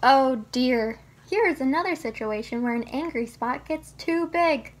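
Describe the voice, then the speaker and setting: A woman reading a children's storybook aloud in a gentle, teaching tone that speaks straight to the child listener. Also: sits high, normal speed. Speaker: children's book reader.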